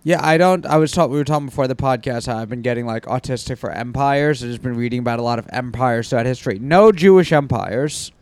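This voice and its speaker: A man's voice: mid-range voice, quick pace, hardly any pauses, dry recording. A man co-hosting a comedy podcast, chatting casually and thinking aloud with frequent restarts and self-critical remarks. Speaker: podcast co-host, stand-up comic.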